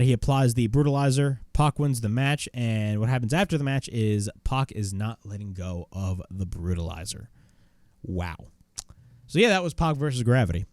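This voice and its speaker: A man's voice: medium pitch, no room sound, clean studio sound. A man reviewing a wrestling show in casual chat, recapping moves play by play and swearing bluntly.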